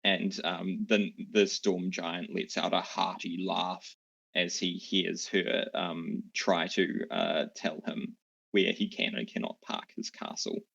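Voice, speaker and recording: Deep, husky, rambling dungeon master; man; dull lo-fi sound. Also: slow pace. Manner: relaxed, rambling, many fillers. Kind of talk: narrating a tabletop game online. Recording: dull lo-fi mic.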